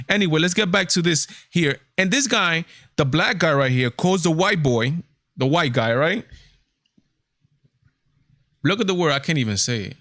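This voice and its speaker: Emphatic man with a bright, dry voice. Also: a little high, lively intonation, normal speed, no room sound. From Hispanic heritage, United States. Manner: emphatic, repetitive, conversational. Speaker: show host. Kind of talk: casual livestream commentary.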